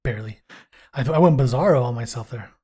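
A man in casual podcast talk, loose and jokey, cursing often as he rambles through his thoughts. His voice sits at an ordinary middle pitch, neither high nor low. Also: fast, dark tone, slightly rough. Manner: swears freely, jokey and rambling. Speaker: podcast co-host. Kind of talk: casual chat, reviewing a TV episode.

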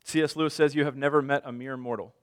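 A man's voice: mid-range voice, fairly even intonation, quick pace. A man in his thirties preaching a sermon as a pastor, conversational, telling stories with self-deprecating humor.

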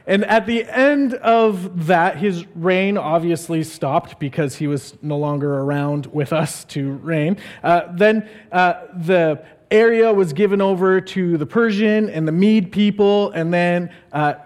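Brief: a jokey male pastor with a high voice, rambling casual sermon. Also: unhurried. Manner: jokey and rambling, many fillers.

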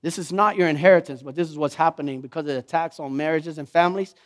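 A man preaching a sermon in an animated way, acting out the voices he quotes. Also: on the high side, fast talker. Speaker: pastor.

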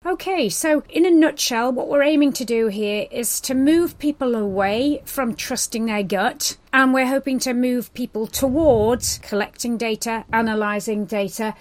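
A woman's voice: fairly high pitch, normal speed, hardly any pauses, no room sound. A woman, co-hosting a casual podcast and talking in a chatty, self-deprecating, explanatory way from a closet at home. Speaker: podcast co-host, science teacher.

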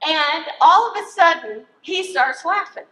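A woman's voice: very high voice, unhurried. A woman speaking to an audience and telling a funny personal story, laughing through it as she teaches. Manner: animated, laughs through her own story. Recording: echoey room.

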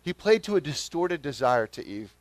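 A man with a Southern accent preaching a sermon as pastor, swinging from quiet reflection to emphatic, rising calls. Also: a little high, very animated, normal speed, no room sound. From Southern United States.

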